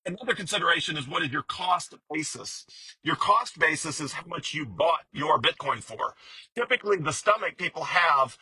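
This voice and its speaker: A man's voice: a little high, lively intonation, moderate pace, pushed and bright, slightly rough, dry recording, rough recording. A man giving a casual, explanatory monologue about investing, talking conversationally with frequent fillers, restarts and repetition. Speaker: bitcoin commentator.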